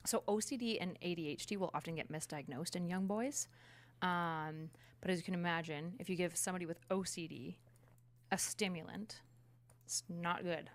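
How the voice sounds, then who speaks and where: Casting: woman, fairly low voice, chatty and explanatory in casual talk. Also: moderate pace. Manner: chatty, explains with many fillers. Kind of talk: casual conversation.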